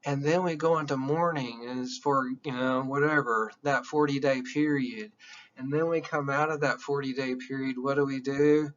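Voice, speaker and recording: A man giving a classroom lecture in an excitable, emphatic way, often checking that his listeners follow. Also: medium pitch, normal speed, lo-fi sound.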